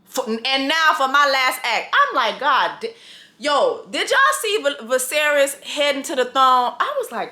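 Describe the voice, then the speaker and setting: A woman recapping a TV episode in a casual comedic rant, profane and animated, acting out the characters and laughing often. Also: sits high, unhurried.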